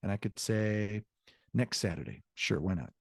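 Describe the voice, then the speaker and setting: A man teaching an evening language class, explaining grammar slowly and repeating each example. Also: lowish voice, expressive, gravelly, a little mellow, no room sound. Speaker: Spanish teacher. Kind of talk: online class lecture.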